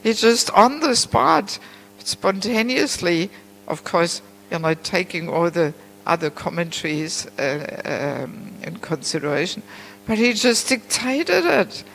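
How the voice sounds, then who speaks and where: A woman giving a class on scripture at a temple, chatty and warm in tone, often saying "you know" and breaking into laughs. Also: on the low side, animated, takes it slowly, vocal fry, slight background noise, poor audio. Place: temple hall.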